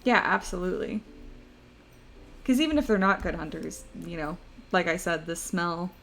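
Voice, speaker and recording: A woman's voice: fairly low pitch, animated, moderate pace, creaky, fairly bright tone. A young woman streaming live, chatting casually and rambling through stories, often breaking into laughter. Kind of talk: casual chat to a live audience.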